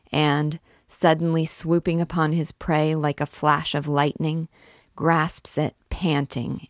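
A woman narrates a classic novel aloud in a measured, expressive way. Her voice is low and gravelly, and she reads slowly. The recording is close and dry. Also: no room sound. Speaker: host and reader.

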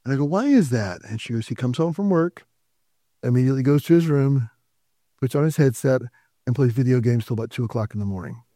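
A man's voice: mid-range voice, expressive, fairly quick, warm tone, dry recording, clean studio sound. A man preaching a sermon in a church, talking directly to the congregation in a conversational way. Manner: conversational preaching with asides and quoted dialogue. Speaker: pastor. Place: church sanctuary.

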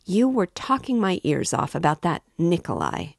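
A woman's voice: sits low, animated, measured pace, darkish tone, no room sound, clean studio sound. A woman reading an audiobook voices an affable, prying older male magistrate who talks with excessive politeness. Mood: amiable probing. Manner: overly polite, familiar, insinuating.

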